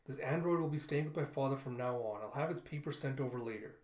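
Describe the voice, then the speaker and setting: A man's voice: medium pitch, quick pace, reverberant, natural voice. Man doing Krupp, a curt impatient ambassador. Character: stern middle-aged male ambassador son.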